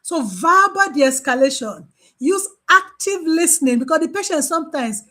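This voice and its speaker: This woman's informal training talk comes from her role as a mental health nurse; she re-enacts patient exchanges and repeats important phrases for emphasis. Animated and high-voiced, she keeps a moderate pace.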